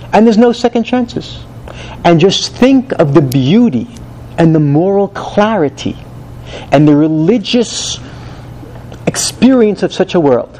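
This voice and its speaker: A man teaching a Bible study lesson, animated and rhetorical, who asks questions and then answers them himself. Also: fairly high pitch, slight background noise, rough recording.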